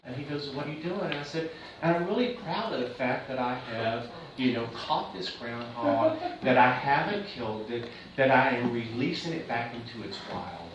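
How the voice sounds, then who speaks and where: A man's voice: medium pitch, expressive, normal speed, highs cut off. Man, earnest storyteller, far from the mic, echoey barn, background noise. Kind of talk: personal story told to a live audience.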